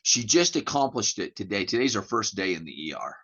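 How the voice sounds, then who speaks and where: Animated middle-aged man, dull lo-fi sound. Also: fairly low pitch, fairly quick, breathy edge. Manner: animated storyteller, repeats words, acts out dialogue. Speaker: guest. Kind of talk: candid podcast conversation.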